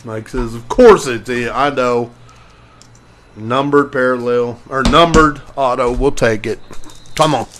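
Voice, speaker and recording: A man's voice: medium pitch, fairly even intonation, unhurried, a bit bright, a little hiss or hum. A man hosting a live sports card break, calling out player names as he opens packs and greeting viewers by name.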